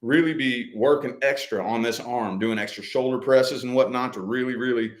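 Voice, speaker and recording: A man's voice: medium pitch, moderate pace. A man chatting casually as a vlog co-host, telling a personal story in a loose, profane way and repeating his phrases as he goes.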